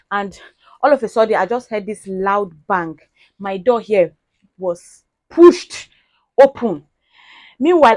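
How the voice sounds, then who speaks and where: A Nigerian mother vlogging casually in her sitting room, telling a story and gently coaxing her daughter. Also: a little high, no echo. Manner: chatty, mixes in Pidgin phrases, scolds gently.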